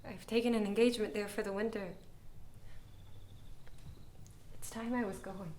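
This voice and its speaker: An actress playing a weary, heartbroken young actress, speaking haltingly with stammered restarts, in a filmed stage drama scene. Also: female voice, mid-range voice, fairly even intonation, a little mellow, a little hiss or hum, natural voice. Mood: bitter. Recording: roomy, distant mic with music.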